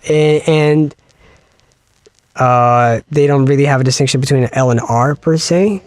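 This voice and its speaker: A man co-hosting a podcast in casual chat, explaining at length and slowing down to spell out sounds. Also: mid-range voice, no room sound, studio quality. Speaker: podcast co-host.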